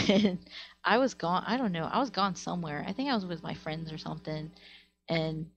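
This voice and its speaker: A woman's voice: lowish voice, moderate pace, fairly bright tone, muffled recording. A woman streamer casually telling stories to her live chat, rambling and full of fillers like "like", recorded on a webcam or desk mic at home. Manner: rambling, filler-heavy with frequent "like".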